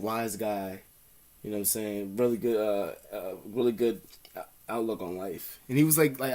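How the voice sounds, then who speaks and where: A man vlogging in a rambling, profane monologue, laughing as he goes and mimicking other people's voices while he tells stories. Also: medium pitch. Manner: profane, laughs often, imitates others mid-story.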